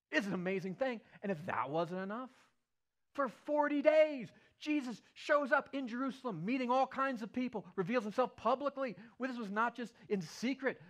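Pastor, male, high voice; animated, playful sermon storyteller. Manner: animated, playful retelling with acted-out quotes.

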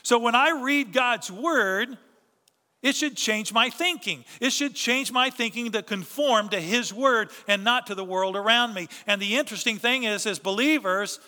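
A man's voice: high-pitched, pushed and bright, in a large hall. A man preaching a sermon as pastor, pressing his points with rhetorical questions and repeated phrases.

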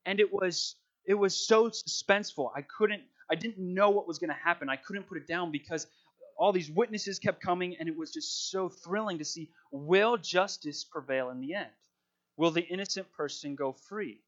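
A man with a somewhat high-pitched voice delivers a sermon, first reading scripture with dramatic emphasis. He then moves into relaxed, conversational preaching with everyday fillers. The recording sounds dull and muffled. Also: moderate pace.

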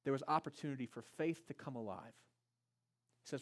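A man's voice: medium pitch, brisk, long pauses. A man preaching a sermon to his congregation, asking rhetorical questions and pressing his points with rising emphasis. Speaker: pastor.

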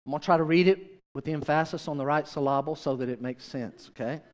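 A man's voice: on the high side, quick pace, long reverb tail. A male pastor preaching a sermon, chatty and direct, often turning to the congregation with questions.

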